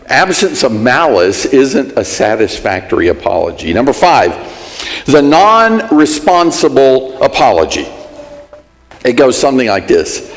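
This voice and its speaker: A man's voice: medium pitch, long reverb tail. A man teaching a Sunday Bible class in a conversational way, working through everyday examples. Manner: conversational, gives everyday examples and acts out sample apologies. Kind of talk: church class lesson. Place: church hall.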